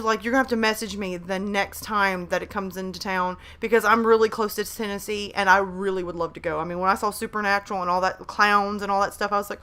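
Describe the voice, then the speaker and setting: A woman's voice: medium pitch, fairly even intonation, fast talker, fairly bright tone. A woman, chatting casually on a live stream at home, hyper and talkative as she reads out messages from chat. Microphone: desk microphone at a laptop.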